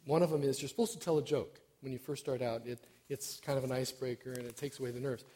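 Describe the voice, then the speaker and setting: A man's voice: mid-range voice, steady tone, fast, dark tone. Self-deprecating middle-aged male lay preacher. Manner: self-deprecating, hesitant with many fillers. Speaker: church stewardship director preaching. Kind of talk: informal sermon.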